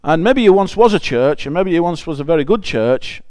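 A man's voice: fairly high pitch, animated, fairly quick, a little mellow, dry recording. A man preaching a conversational sermon. He reads scripture aloud and explains it in a chatty, emphatic way, often restarting phrases.

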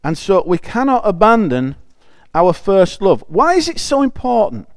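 High, smooth-voiced preacher. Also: male voice, sing-song, moderate pace, no echo. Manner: chatty and emphatic, with frequent restarts. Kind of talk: conversational sermon with scripture reading.

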